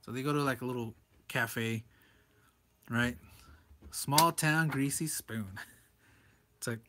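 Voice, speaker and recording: A man's voice: medium pitch, slow, long pauses, background noise. A man reviewing a comic book page by page in a loose, rambling way, chuckling often as he talks. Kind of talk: casual comic commentary.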